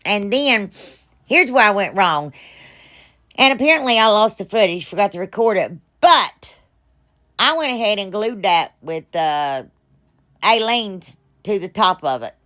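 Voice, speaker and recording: A middle-aged American woman who hosts a craft channel gives a casual voice-over of her project. Her medium-pitched voice is bright and forceful, with lively intonation and an unhurried pace, and her narration is rambling, chatty, self-deprecating and packed with fillers.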